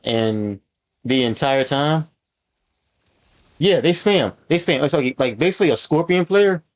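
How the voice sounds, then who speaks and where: A man chatting casually while he plays, his voice sitting at an ordinary middle pitch. He rambles, fills gaps with ums and likes, and gets louder and more animated whenever something annoys him. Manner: rambling, filler-heavy, animated when annoyed. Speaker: gaming channel host. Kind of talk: casual gameplay commentary.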